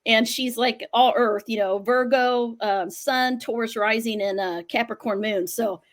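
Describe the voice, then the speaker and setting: A woman's voice: on the high side, steady tone, unhurried. A woman astrologer and mother chatting casually on a video call panel, full of "you know" and agreeable asides.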